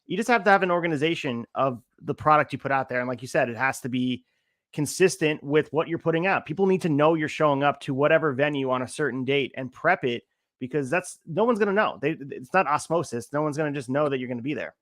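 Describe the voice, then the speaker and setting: A man hosting a casual interview, giving his opinions in quick bursts. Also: fairly high pitch, fairly bright tone, no echo, clean studio sound. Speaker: podcast host.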